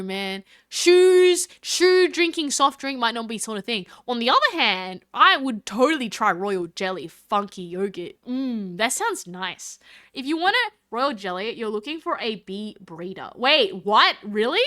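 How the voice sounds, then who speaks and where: A woman's voice: a little high, big pitch swings, normal speed, bright, forceful tone. A woman chatting casually on a live stream, reading chat aloud and thanking viewers in a bubbly, scattered way.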